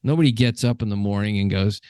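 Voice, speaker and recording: A man with a fairly low voice talks in a loose, rambling podcast chat, stopping and restarting his sentences. The sound is dry and close, with no room around it. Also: quick pace, a little mellow, clear, resonant tone, no room sound. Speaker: podcast host. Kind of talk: casual conversation.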